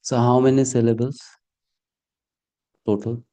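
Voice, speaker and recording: A man's voice: mid-range voice, level tone, measured pace, dark tone. A man teaching a Sanskrit verse class online over a video call, patiently checking that students follow with frequent questions. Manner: patient, checks understanding with frequent "hmm?" and "okay?".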